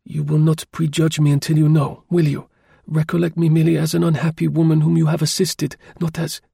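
A man's voice: fairly high pitch, monotone, a little fast, vocal fry, darkish tone, breathy edge, no echo, studio quality, voice pushed up, exaggerated voice. A man voicing a frightened, secretive young French lady in an audiobook, speaking in urgent, pleading tones. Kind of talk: audiobook character voice.

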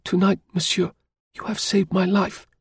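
A frightened young French lady with a secretive air, as the male narrator puts her on, pitched well above his own voice. Her urgent, pleading lines come out husky and gravelly. The recording is dry and close. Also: flat delivery, normal speed, dry recording, full character voice. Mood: earnest. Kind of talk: audiobook character voice.

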